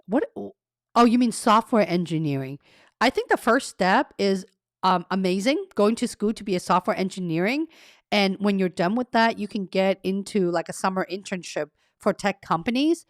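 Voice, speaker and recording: A woman's voice: medium pitch, animated, normal speed, dry recording, clean studio sound. Chatty woman career coach on a live stream. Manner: chatty, laughs at herself, reads viewer comments aloud. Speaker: career coach and livestream host. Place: carpeted home room treated to cut echo.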